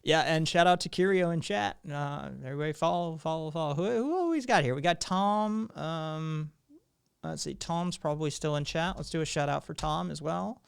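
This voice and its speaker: A man's voice: fairly high pitch, moderate pace, gravelly, smooth. A man hosting a live stream, talking in a rambling way with lots of fillers and restarts. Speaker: streamer host.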